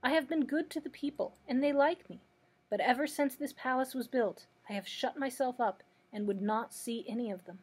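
A woman's voice: high voice, moderate pace, husky. A woman reading aloud as an old man who is a false wizard, confessing meekly. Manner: confessing, gentle storytelling delivery. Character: old male humbug wizard, meek and apologetic.

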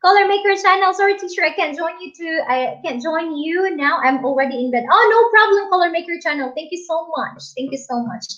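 A woman's voice: very high voice, a little fast, hardly any pauses, a bit bright. A woman hosting a casual livestream, chatting, laughing and reading viewer comments aloud. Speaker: livestream host. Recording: dull lo-fi stream audio.

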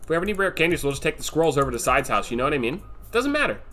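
A man's voice: fairly high pitch, very animated, racing, fairly bright tone. A man streaming a game, talking casually to his chat with offhand swearing. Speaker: streamer, host. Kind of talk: gameplay commentary.

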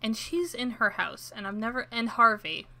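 A woman's voice: a little high, normal speed, bright, forceful tone. A woman streaming a farming game, chatting casually and joking at her own expense. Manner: chatty and self-deprecating. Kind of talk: let's-play commentary.

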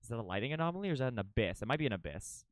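A young adult livestreamer giving excitable, casual commentary during gameplay, thinking aloud, swearing freely and chatting with viewers. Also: mid-range voice, racing, no echo, studio quality.

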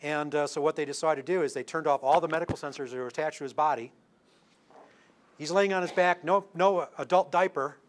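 A man's voice: on the high side, a little fast, a little hiss or hum. An older man giving a public science talk, telling anecdotes with asides and restarts. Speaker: lecturing astronomer.

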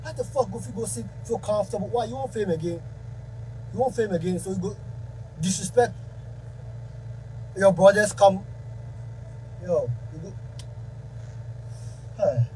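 A high-voiced man with a Ghanaian Pidgin accent delivers a heated, confrontational rant straight to camera. He keeps circling back to the same accusations, and faint noise hums behind him. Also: measured pace, pauses often, darkish tone, low-quality recording. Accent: Ghanaian Pidgin English. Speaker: musician.

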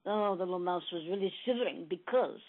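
A woman telling a spiritual parable in a gentle, emphatic, repetitive storytelling manner. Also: on the low side, brisk. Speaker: spiritual channeler. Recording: tinny phone-like recording.

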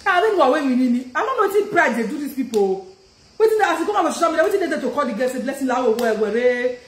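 A woman's voice: sits high, sing-song, racing, echoey room. A woman with a Nigerian accent ranting confrontationally on a live stream, repeating her questions and switching languages mid-sentence. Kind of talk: heated live-stream rant.

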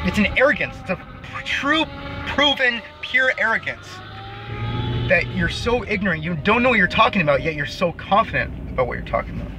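A high-voiced, profane, scornful man ranting. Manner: profane, scornful, repeats himself. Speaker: vlogger. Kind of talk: angry rant to camera. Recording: noisy outdoor recording near traffic.

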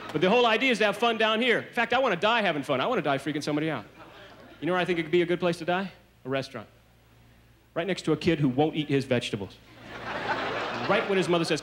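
A man from the South performs a stand-up set at a rapid clip, his voice sitting a little high. He punches each line with brisk energy. The 1980s TV stage recording carries plenty of background noise. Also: animated. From American South. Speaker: stand-up comedian. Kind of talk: stand-up comedy routine. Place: comedy stage before a live audience.

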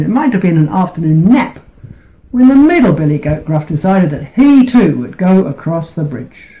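Give me a man telling a folk tale gently, high voice and warm tone. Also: breathy edge, rough recording. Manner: gentle, unhurried and playful. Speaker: storyteller.

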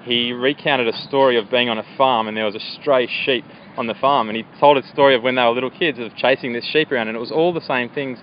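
An Australian man hosting a casual outdoor interview, chatty, with lots of fillers and quick agreements. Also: mid-range voice, fairly even intonation. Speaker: host. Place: outdoors by a river path. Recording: dull lo-fi audio with faint outdoor noise.

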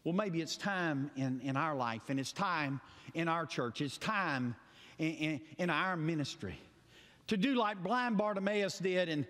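High, lively preacher in a reverberant hall. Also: male voice, a little slow. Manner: dramatic storytelling, acting out voices, swings between loud cries and quiet asides. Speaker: pastor. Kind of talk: sermon. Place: church sanctuary. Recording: long church hall reverb.

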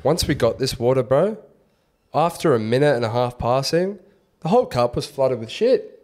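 A man's voice: mid-range voice, animated, normal speed, a little mellow. A young man, co-hosting a podcast, telling stories in a laid-back, slangy casual chat. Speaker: podcast co-host.

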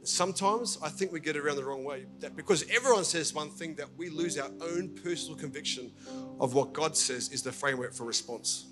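A male pastor preaches earnestly, speaking straight to his listeners in a fairly high voice. He delivers his sermon at a church service while soft music plays faintly behind him. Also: fast. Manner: earnest, storytelling, appealing directly to listeners. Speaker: senior pastor.

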